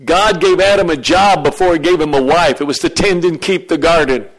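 A man preaching a sermon as pastor, animated and joking with his congregation in a church. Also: a little high, a little fast, rough recording.

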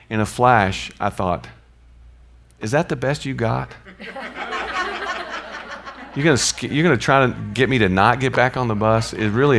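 A man's voice: lowish voice, creaky, a bit bright. A man giving an informal Bible teaching, conversational and mixing in personal stories and chuckling asides.

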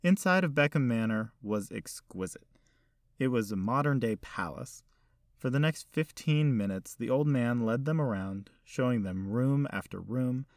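A man reading a story aloud in a measured, steady storytelling manner. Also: medium pitch, no room sound, studio quality. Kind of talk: scripted narration.

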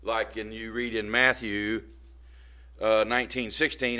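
A man preaching a casual, down-to-earth sermon. His voice is bright and forceful, and he keeps pausing to check in with his listeners. He talks his way through the text rather than reading a script. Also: lowish voice, flat delivery. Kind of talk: informal sermon.

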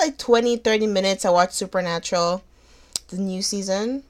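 A woman's voice: mid-range voice, normal speed, noisy background. A woman co-hosting a podcast, telling trip stories in a loose, profane, joking casual chat. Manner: loose, profane, jokey storytelling. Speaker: podcast co-host.

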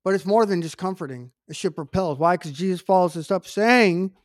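High-voiced emphatic male preacher. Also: a little fast, no room sound, studio quality. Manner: emphatic, conversational preaching with asides and repetitions. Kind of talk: sermon.

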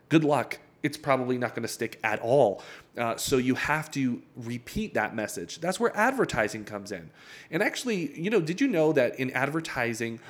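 A man hosting a podcast, explaining a topic in a loose conversational way and repeating his key points. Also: medium pitch. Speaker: podcast host. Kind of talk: casual teaching monologue.

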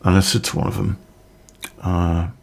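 A man's voice: low-pitched, completely flat delivery, moderate pace, a little mellow. A middle-aged man telling a personal story in a casual, rambling way, swearing freely.

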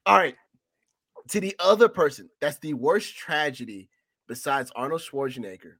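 A man's voice: a little high, big pitch swings, normal speed, fairly bright tone, dry recording, clean studio sound. A man co-hosting a casual film review podcast, ranting in a profane, exasperated way. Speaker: podcast co-host.

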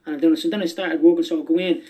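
Podcast guest: a higher-pitched man spinning rambling, profane anecdotes. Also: fairly even intonation, dark tone, low-quality recording. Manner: rapid, rambling, swears freely. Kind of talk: casual storytelling.

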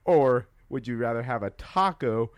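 A man's voice: medium pitch, expressive, normal speed, dry recording. A man in a casual chat, tossing in short playful quips and gross hypotheticals.

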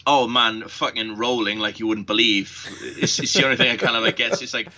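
A man's voice: medium pitch, fairly even intonation, brisk, pushed and bright. A man chatting casually as a podcast co-host, swearing freely and acting out sarcastic quotes. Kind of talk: casual chat.

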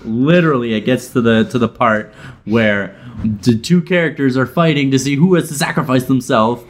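A man's voice: medium pitch, normal speed. A man telling a funny story in casual chat, rambling with many restarts and laughing often. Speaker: storyteller guest.

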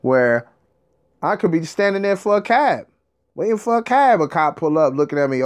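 A man in a casual monologue, telling a story in an animated, streetwise way, with profanity and slang. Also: a little high, normal speed, clear, resonant tone.

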